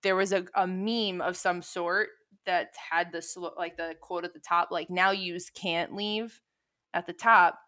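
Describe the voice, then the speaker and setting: A young adult woman co-hosting a casual chat, telling stories in a rambling, animated way and swearing casually. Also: fairly low pitch, moderate pace, hardly any pauses.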